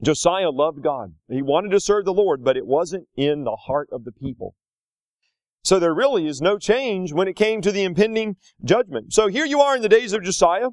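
A man preaching a sermon, his fairly high voice swooping up and down as he tells the story. He talks in a folksy, animated way and slips in little acted asides. The sound is close and dry, with no room around it. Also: normal speed, no echo. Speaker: pastor.

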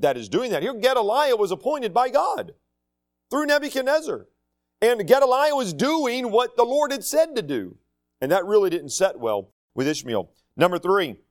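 Male pastor, high-pitched voice, conversational sermon, folksy and unpolished. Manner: conversational, folksy asides with restarts. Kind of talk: expository sermon.

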